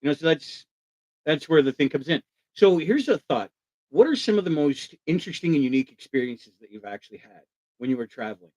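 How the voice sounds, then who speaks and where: A man's voice: a little high, big pitch swings, a little fast, darkish tone, no room sound, rough recording. A man hosting a casual live stream, enthusiastic, asking his guest questions and answering viewers in the chat. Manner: enthusiastic, talks to viewers in chat, acts out quoted voices. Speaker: live show host.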